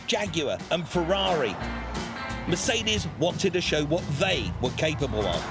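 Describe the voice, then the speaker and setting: Brief: male narrator, bright lively read, music bed. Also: high voice. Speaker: documentary narrator. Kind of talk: scripted narration.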